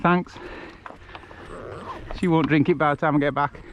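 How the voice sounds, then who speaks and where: A man's voice: a little high, fairly even intonation, moderate pace, lo-fi sound, a little hiss or hum. A man from England chatting casually and rambling through stories as he walks along a rural road, recorded on a handheld camera outdoors. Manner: chatty, rambling, laughs often. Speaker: vlogger on a charity walk. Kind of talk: casual chat while walking.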